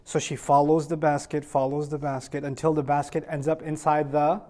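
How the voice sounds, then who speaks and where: A man's voice: fairly high pitch, normal speed. A man telling a story to children in a lesson, acting out the characters and asking the kids questions. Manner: animated, acts out characters with voice changes, asks the kids questions. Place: room with children listening.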